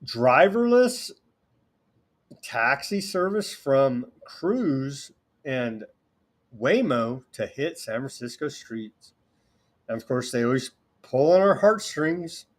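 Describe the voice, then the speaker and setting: A male talk show host from California, speaking at an ordinary middle pitch. He delivers his commentary in a sarcastic, indignant rant. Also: lively intonation, takes it slowly.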